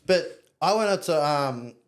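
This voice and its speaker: A man's voice: fairly high pitch, expressive. A young Australian man, a podcast guest, telling stories in casual chat with plenty of slang and swearing. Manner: swearing, storytelling, quick slang.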